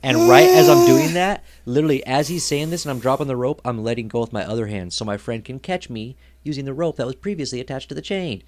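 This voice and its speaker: A young man co-hosting a casual podcast chat, telling stories with loud, lively outbursts. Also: medium pitch, fast, hardly any pauses. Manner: animated storyteller, loud outbursts when acting out scenes. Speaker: podcast co-host.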